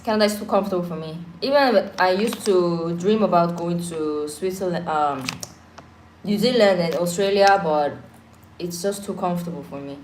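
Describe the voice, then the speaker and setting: A faint hiss or hum sits under this Korean woman's lowish, slightly mellow voice as she speaks at a moderate pace, her words echoing through the room. A native Korean speaker, she co-hosts a laid-back live chat at home amid a power cut, sounding thoughtful and earnest and weaving in pidgin phrases.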